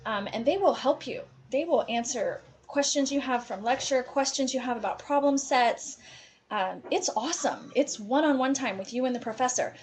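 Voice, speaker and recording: A woman's voice: high-pitched, moderate pace, a little mellow. A woman from Appalachia with an Appalachian accent, giving chatty, encouraging advice to students in a presentation. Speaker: college advisor.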